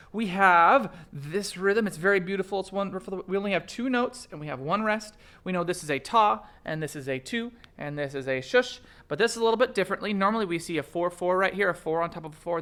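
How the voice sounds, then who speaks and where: A man's voice: high voice, fairly bright tone. Male elementary music teacher, peppy, chants rhythms and counts in. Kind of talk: upbeat kids' music lesson.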